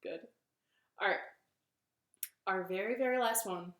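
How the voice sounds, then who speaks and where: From her living room, a woman leads a children's storytime, gentle and encouraging, using a sing-song manner for the kids. She has a medium-pitched voice, keeps a measured pace, and the sound is roomy.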